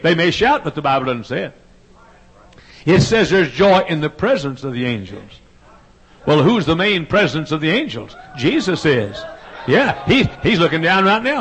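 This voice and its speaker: A man's voice: mid-range voice, lively intonation, normal speed, gravelly, long pauses, fairly bright tone, husky. A male pastor preaching a fervent revival sermon, folksy and humorous, building to impassioned pleading.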